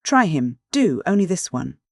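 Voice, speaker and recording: A man's voice: fairly high pitch, very animated, moderate pace, creaky, no echo, clean studio sound, exaggerated voice. A man reading an audiobook voices a fawning young serving woman who coaxes and presses sweetly. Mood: doting.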